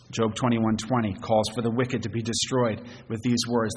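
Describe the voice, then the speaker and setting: A man preaching a sermon as pastor, earnest and halting, often repeating words as he goes. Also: mid-range voice, steady tone, fairly bright tone. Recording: long church reverb, faint noise.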